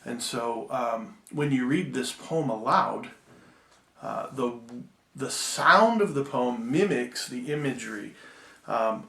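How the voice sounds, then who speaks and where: A man giving a recorded Bible-school lecture, measured and full of ums and restarts, slowing down to read poems aloud. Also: medium pitch, animated, creaky, sharp tone, echoey room.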